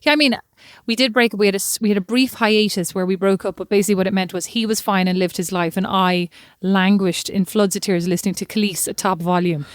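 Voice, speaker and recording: An Irish woman co-hosting a podcast in casual chat, playful, laughing often and telling lively stories. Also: medium pitch, quick pace, dry recording, clean studio sound. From Ireland. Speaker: podcast co-host.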